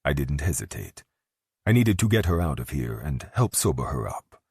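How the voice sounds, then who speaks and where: A man narrating a romance audiobook in the first person, gruff and commanding. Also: very deep voice, big pitch swings, moderate pace, darkish tone, no room sound, clean studio sound.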